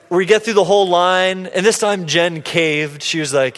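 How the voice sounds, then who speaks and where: A man preaching, telling a personal story with playful, lively quotes of himself and others. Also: high voice, normal speed. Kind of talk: sermon storytelling. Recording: long hall reverb.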